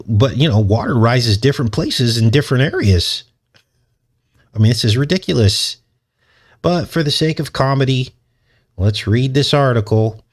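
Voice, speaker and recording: A man hosting his channel, talking through a casual commentary monologue in a sarcastic, mocking way and chuckling often. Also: mid-range voice. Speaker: channel host.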